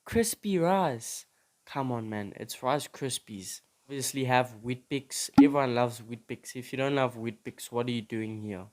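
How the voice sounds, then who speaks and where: A young man from South Africa with a South African accent, telling stories in a chatty, animated way in his room. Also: medium pitch, moderate pace, few pauses. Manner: chatty, animated, teasing complaints. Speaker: vlogger. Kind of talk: casual storytelling vlog. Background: music.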